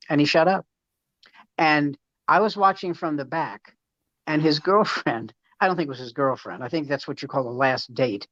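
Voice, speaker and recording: A man's voice: fairly high pitch, normal speed, fairly bright tone, dry recording. A middle-aged male comedian telling rambling, profane backstage anecdotes in casual chat, with frequent restarts. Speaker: stand-up comedian. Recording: slightly muffled dry recording.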